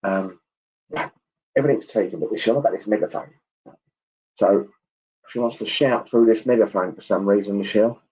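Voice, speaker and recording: A man gives a clairvoyant reading at a church service. His voice sits low with a husky edge. He talks in a chatty, halting way, full of ums and asides, and the online stream sounds dull and lo-fi. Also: darkish tone. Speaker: spiritualist medium.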